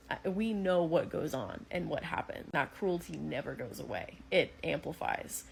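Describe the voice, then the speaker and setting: A woman's voice: low voice, expressive, normal speed, creaky, few pauses, slight background noise, rough recording. A woman recapping a manga story in an earnest, thoughtful casual way. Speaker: manga reaction creator.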